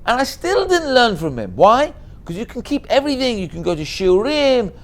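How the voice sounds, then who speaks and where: A middle-aged man giving a Torah lesson as a rabbi, telling a story in a lively way and mixing in Hebrew and Yiddish words. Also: extremely high pitch, normal speed.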